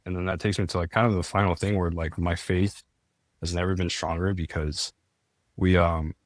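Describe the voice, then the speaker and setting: Young man guest, very low voice, dry close sound, earnest casual storyteller who leans on filler words. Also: level tone, normal speed, no room sound. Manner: earnest, many "like" fillers and restarts. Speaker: podcast guest.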